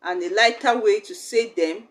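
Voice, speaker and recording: A woman's voice: medium pitch, moderate pace. A young woman, teaching a language lesson in a chatty, explaining way. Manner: chatty, acts out little quoted exchanges.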